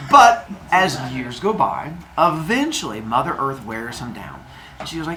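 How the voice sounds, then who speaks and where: A man's voice: mid-range voice, sing-song, moderate pace, sharp tone, slight background noise. A man teaching a class of children, retelling a myth in a playful, jokey way with silly sound effects. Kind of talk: storytelling lesson to children.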